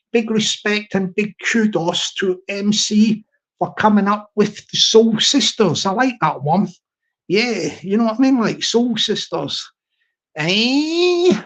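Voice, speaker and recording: A man hosting a casual live stream, who repeats his phrases and gives shout-outs to his chat. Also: high voice, muffled recording.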